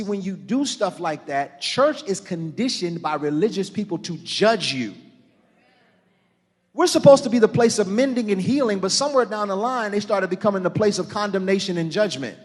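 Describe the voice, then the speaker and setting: Middle-aged pastor, high-pitched, preaching with rising fervor, live in a church hall with a long echo. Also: male voice, breathy edge. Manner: preaching with rising shouted intensity, calling on the congregation. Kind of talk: sermon.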